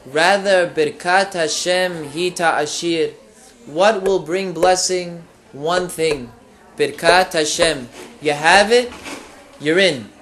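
Male Torah teacher, high voice, animated storyteller who punches up key lines. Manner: animated storyteller, quick asides, rising emphasis.

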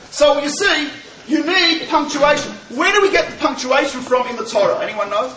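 A man's voice: very high voice, animated, brisk, crowd noise. A man teaching the Torah to a live audience, joking and asking rhetorical questions. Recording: echoey hall, voice from far off.

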